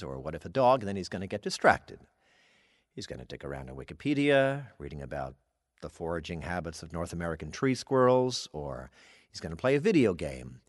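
A man playing a needy, deadpan AI assistant. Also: low voice, slightly rough, no room sound, full character voice. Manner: deadpan, mild and dry, turning plaintive. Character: needy, passive-aggressive male AI assistant, clingy. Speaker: digital personal assistant. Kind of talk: scripted audio comedy.

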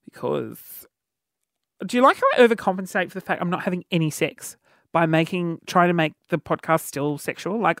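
A man's voice: sits high, brisk, vocal fry, a bit bright, dry recording. Cheeky rambling man, dry sound. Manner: rambling, cheeky, many fillers and restarts. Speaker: podcast host. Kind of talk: solo podcast storytelling.

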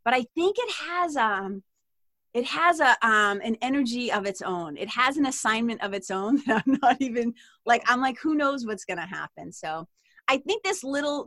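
A woman with a Boston accent talks as a podcast guest in a loose, animated way, laughing and swearing freely. Her voice is bright and a little high. The recording is dry and close. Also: normal speed, no echo. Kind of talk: casual interview chat.

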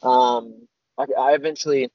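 A podcast guest, a young man, rambles through his stories, dropping "like" and "man" throughout this casual storytelling interview. He talks at a moderate pace in a steady, mid-range voice. The recording is dry and slightly dull.

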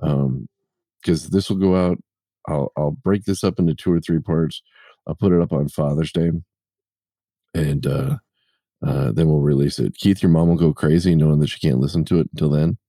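Male podcast host, very low and dark, casual rambling talker. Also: fairly even intonation, moderate pace, no room sound, studio quality. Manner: rambling, self-correcting, jokey storyteller. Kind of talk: casual chat.

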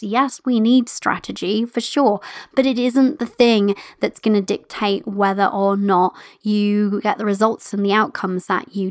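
A woman in her thirties hosting a solo podcast, talking in a chatty, animated way and laughing often. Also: medium pitch, no echo, clean studio sound. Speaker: podcast host.

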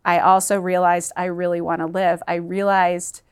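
A woman's voice: fairly low pitch, level tone, moderate pace, smooth. A woman guest in an interview, telling a personal story in an earnest, emotional way that halts at times.

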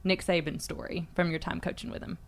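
A woman hosting a podcast interview in a studio, attentive and quick to laugh, asking questions. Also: lowish voice, flat delivery, gravelly.

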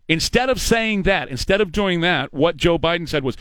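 Male radio host, sarcastic rant, fairly high voice, dry close studio sound. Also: expressive, normal speed, hardly any pauses, a bit bright, no room sound. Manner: emphatic, ranting, sarcastic. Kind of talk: talk radio monologue.

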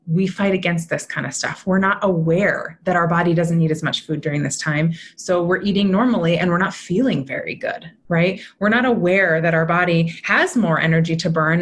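A woman's voice: fairly low pitch, a bit bright, a little hiss or hum. A woman in her thirties, a mentor and podcast guest, explaining in an upbeat, chatty way and often checking in with "right?". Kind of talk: podcast conversation.

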